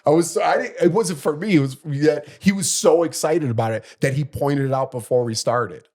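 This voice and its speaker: Middle-aged man, podcast co-host, lively storyteller, slightly high voice, acts out quotes. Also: fairly quick. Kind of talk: casual storytelling chat.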